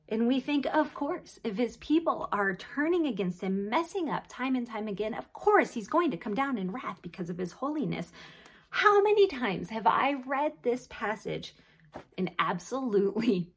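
A woman hosts a devotional podcast talk. Her voice sits in a middle pitch and carries a soft, breathy huskiness. She talks earnestly and keeps putting rhetorical questions to her listeners. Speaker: podcast host.

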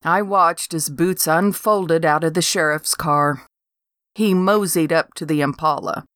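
A woman's voice: sits low, a little slow, fairly bright tone, no room sound. An older woman reading a first-person story aloud with dry, wry humor. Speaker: narrator.

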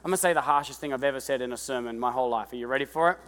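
A pastor in his thirties preaching a lively sermon, breaking into shouted impressions of kids and parents. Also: medium pitch, racing. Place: church hall. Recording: long reverb of a large church hall.

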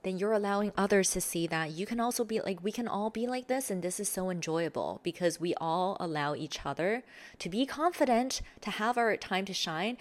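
A woman coaching on social confidence, explaining in a relaxed talk and acting out sample replies with sighs and laughs. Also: mid-range voice, fairly quick. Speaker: self-improvement coach. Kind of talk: explanatory talk with acted example lines.

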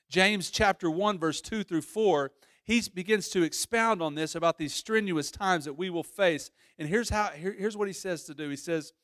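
A pastor preaching a sermon, telling a story with lively voices and frequent restarts. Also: male voice, high-pitched, no room sound, studio quality.

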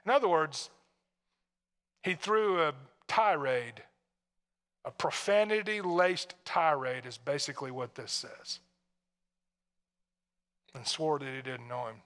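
A Tennessee pastor preaches a conversational sermon, putting rhetorical question after rhetorical question to his congregation. His fairly high, slightly bright male voice moves slowly with long pauses, and the sound is that of a big room.

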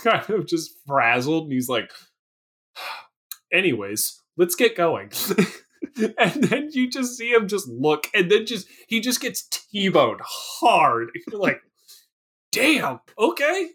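A man's voice: on the high side, a bit bright. A man co-hosting a podcast, reacting animatedly and laughing often during a casual movie chat. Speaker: podcast co-host.

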